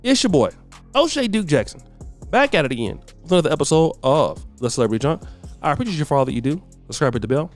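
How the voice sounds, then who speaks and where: A man's voice: fairly high pitch, very animated, fast, soft background music. A man hosting a celebrity gossip show, giving blunt, scolding commentary full of slang. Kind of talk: ranting commentary.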